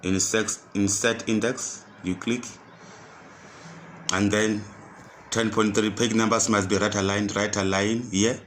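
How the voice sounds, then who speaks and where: Male tutor, low voice, unhurried, repeats each click aloud, faint hiss behind. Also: little pitch movement, fairly bright tone. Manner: repetitive step-by-step instructions, restating each step. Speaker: computer skills tutor. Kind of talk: screen-recorded software tutorial.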